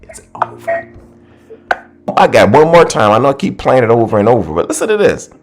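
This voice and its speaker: Wildly animated man preaching to listeners. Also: mid-range voice, fast talker, slight background noise. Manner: exclaims, repeats himself, calls out to listeners. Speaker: Bible study host. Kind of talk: excited preaching on a live call.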